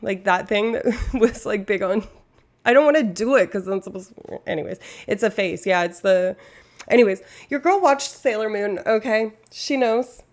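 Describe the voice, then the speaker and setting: A woman's voice: mid-range voice, normal speed. Young woman, streamer, rambling, self-interrupting, casual chat with viewers. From Canada.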